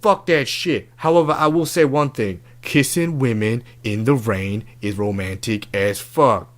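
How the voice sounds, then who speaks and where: A man's voice: medium pitch, fairly bright tone, lightly acted. A man playing a brash, crude love-advice doctor in a comedic podcast bit, talking in swaggering, profane slang.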